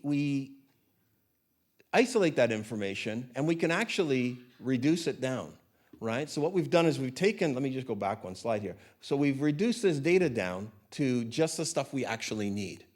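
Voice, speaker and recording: A man's voice: on the high side, animated, normal speed. A man from Canada giving a conversational conference talk, often adding tag questions, on a handheld mic. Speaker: conference speaker. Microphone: handheld mic, hot gain.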